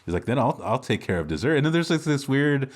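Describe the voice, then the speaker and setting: A man co-hosting a podcast, casually retelling a film's plot with lots of fillers and quick acted-out lines. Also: mid-range voice, sing-song. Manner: rambling recap with many fillers and laughs. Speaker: podcast co-host. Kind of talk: casual movie recap chat.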